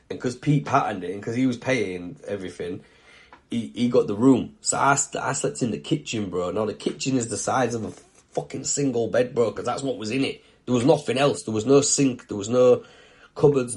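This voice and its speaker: A man's voice: on the low side, darkish tone. A young man hosting his own show, telling a story in a blunt, casual way, swearing freely and often checking that the listener follows. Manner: blunt, swears a lot, keeps asking "do you know what I mean". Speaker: video show host.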